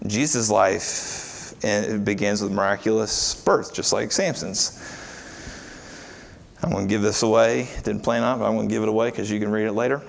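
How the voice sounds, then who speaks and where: A man's voice: medium pitch, creaky. Man preaching with rhetorical questions. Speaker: pastor. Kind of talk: sermon.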